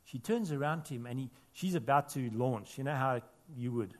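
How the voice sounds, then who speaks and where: A man preaching a sermon as pastor in a church, earnest, rising to emphatic peaks and falling to quiet, intimate asides. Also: medium pitch, expressive, a little fast, few pauses.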